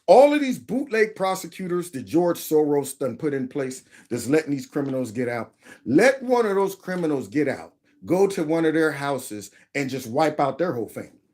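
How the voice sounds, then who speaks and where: This commentary channel host has a slightly high voice and keeps a moderate pace. Reacting to video clips, he gets animated, throws out exclamations, and mimics what other people said.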